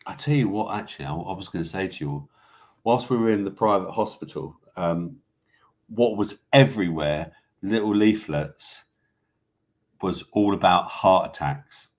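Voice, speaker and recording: A man's voice: low-pitched, normal speed. A man hosting a casual live show, rambling through viewer comments and news items in an offhand, swearing way. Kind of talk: casual livestream chat.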